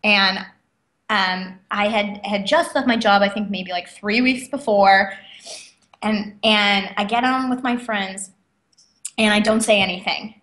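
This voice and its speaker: A woman telling stories as an interview guest, lively and quick with lots of fillers. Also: mid-range voice. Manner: animated, quick, many fillers and acted quotes. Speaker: guest, author and speaker. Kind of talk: casual interview storytelling. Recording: echoey room.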